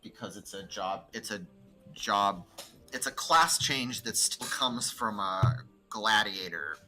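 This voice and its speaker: A man's voice: lowish voice, expressive, slow, bright, forceful tone, faint music behind. A man chatting casually about a video game, talkative and full of filler words. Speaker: co-player. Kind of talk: casual gaming chat.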